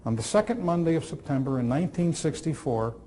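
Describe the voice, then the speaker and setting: Older man telling stories with dramatic pauses. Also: fairly high pitch, expressive, mellow, slight background noise. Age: 60s. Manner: dramatic pauses, repetition, dry humor. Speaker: speaker on communication skills. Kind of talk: storytelling talk to a live audience.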